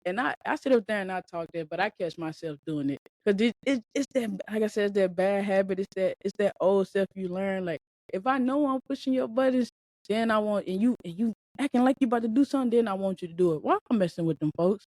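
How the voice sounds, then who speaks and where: A woman hosting a podcast as a mindset speaker, talking in a blunt, colloquial, animated way with frequent repeats and the odd swear word. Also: medium pitch, quick pace, dry recording. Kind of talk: casual motivational monologue. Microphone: podcast microphone.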